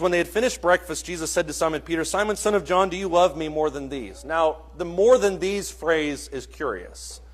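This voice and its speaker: A man preaching a sermon in a church, earnest and questioning, swinging between soft and loud. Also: high voice.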